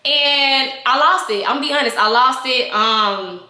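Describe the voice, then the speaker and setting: A young adult woman telling a candid storytime vlog to her viewers, animated and chatty, acting out the scenes as she goes. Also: high-pitched, normal speed, echoey room. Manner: animated, reenacting scenes with voices and gestures. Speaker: vlogger.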